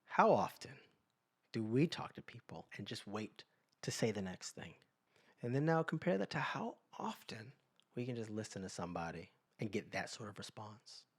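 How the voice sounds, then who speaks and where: A podcast co-host, a man with a low-set voice. He tells personal stories in an easygoing conversational tone. He slips into quick, animated versions of the people he quotes. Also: slightly rough. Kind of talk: casual storytelling chat.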